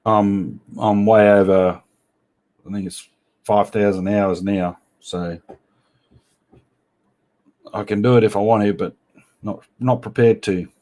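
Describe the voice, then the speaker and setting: A man with a fairly low voice hosts a casual livestream. He chats with his viewers, reads their comments aloud and answers them with blunt, teasing banter. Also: fairly even intonation, slow, pauses often, darkish tone. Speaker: livestream host.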